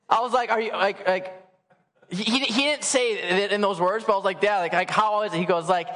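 Male pastor, late 20s, high voice, casual animated storyteller, reverb of a church hall. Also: normal speed, long pauses, a little hiss or hum. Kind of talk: sermon storytelling. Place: church sanctuary.

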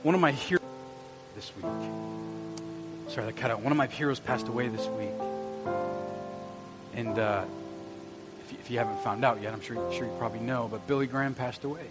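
Over loud music, a pastor of medium pitch preaches briskly in a church sanctuary, pausing often. He tells stories conversationally and turns to the congregation with direct asides.

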